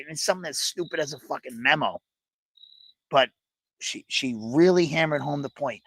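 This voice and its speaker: A man in his forties telling a story on a casual panel show, animated and swearing freely. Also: on the high side, normal speed, pauses often, husky. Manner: animated, swears freely, acts out quoted voices.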